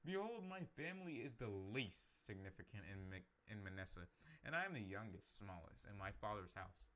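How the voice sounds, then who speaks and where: A man reading the part of a frightened young man pleading with God, raising his pitch in anxiety. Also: expressive, normal speed, a bit bright.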